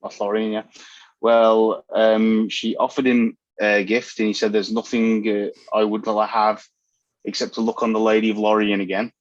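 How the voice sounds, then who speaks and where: Low-voiced man on a dull, lo-fi mic. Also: flat delivery, normal speed, dry recording. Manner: dry, plain-spoken, detailed answers. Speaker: podcast guest. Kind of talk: casual chat.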